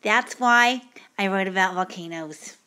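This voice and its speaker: A woman voicing a clumsy young male student who reads out his essay endings in a flat, plodding way. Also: medium pitch, unhurried.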